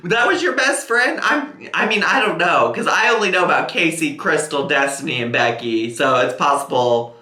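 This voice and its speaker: A man's voice: on the high side, animated, moderate pace, bright, forceful tone, roomy sound. A man giving sarcastic, teasing reaction commentary as a YouTuber.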